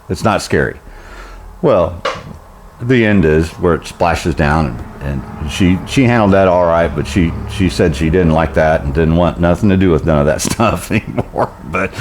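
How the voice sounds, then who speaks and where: A man's voice: sits low, a little mellow, slight background noise. A middle-aged man telling a rambling, folksy story, chuckling often as he goes. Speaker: vlogger. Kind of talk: casual storytelling.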